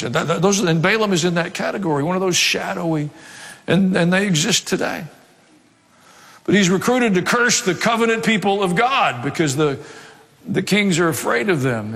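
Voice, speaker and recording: A man's voice: fairly high pitch, a bit bright. Man preaching in a reverberant church. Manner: conversational preaching with asides and humor. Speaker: pastor. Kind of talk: sermon. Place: church sanctuary. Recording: long reverb of a hall.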